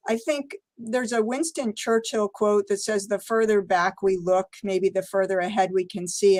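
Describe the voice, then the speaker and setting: A woman's voice: mid-range voice, darkish tone. Brief: older American woman, interview guest, reflective storyteller who laughs often, acts out quotes. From United States.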